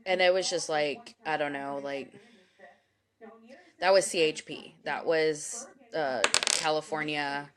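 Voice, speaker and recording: A woman's voice: sits low, steady tone, slow pace, a crowd in the background. A woman in her forties tells a personal story on a livestream, rambling and emotional, with many fillers and frequent swearing. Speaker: spiritual reader hosting a live stream. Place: home, livestream. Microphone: phone or webcam.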